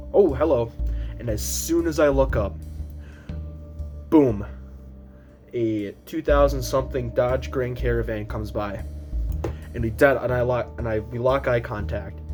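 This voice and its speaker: Young man, casual storytime vlogger, rambles and restarts, plays everyone's lines himself, music bed behind. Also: moderate pace. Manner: rambling with many restarts and fillers; acts out quoted voices, squeaks high when panicked.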